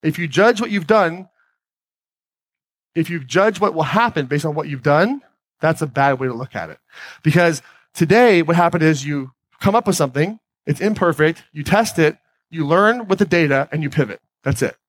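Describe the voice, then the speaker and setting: A man's voice: a little high, expressive, normal speed. A man giving a motivational talk on stage, speaking conversationally and putting questions to his audience. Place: stage before a live audience.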